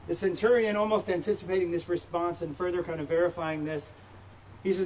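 A man's voice: high-pitched, fairly even intonation, fairly quick, a little mellow. A man pastor preaching a sermon to his church, emphatic, with rhetorical questions. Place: church sanctuary. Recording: distant mic with faint background noise.

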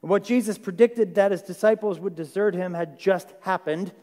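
The voice is high and mellow, at normal speed, belonging to a male pastor who preaches in a conversational style. He keeps checking in with listeners by asking them questions, and the recording carries long hall reverb.

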